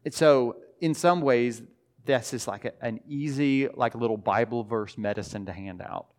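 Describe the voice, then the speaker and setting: A man preaching a sermon in a church. He talks in a conversational way, often restarts, and slows down for emphasis. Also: mid-range voice. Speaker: pastor. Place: church sanctuary.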